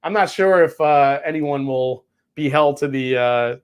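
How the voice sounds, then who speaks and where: Male livestream whiskey host, a bit high voice, rambling and profane. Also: unhurried, clean tone. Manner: rambling, swears freely, reads chat aloud. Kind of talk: casual livestream chat.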